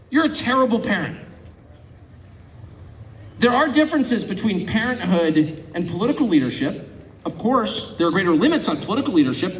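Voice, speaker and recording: A middle-aged man from California gives a public speech to an audience, animated and sarcastic, mocking imagined critics. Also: high voice, slight background noise. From California, United States. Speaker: guest speaker. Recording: echoey hall, faint ambience.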